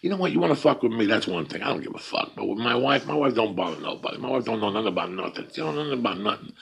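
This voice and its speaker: Podcast host, male, low gravelly husky voice, profane and animated storyteller. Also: racing, a little hiss or hum. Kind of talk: casual storytelling chat.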